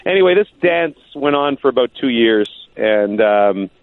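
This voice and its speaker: A man's voice: mid-range voice, animated, normal speed, no room sound. A male sportscaster calling into a podcast as a guest and telling a story with jokes. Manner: joking storyteller. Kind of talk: phone-in podcast chat. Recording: tinny phone line.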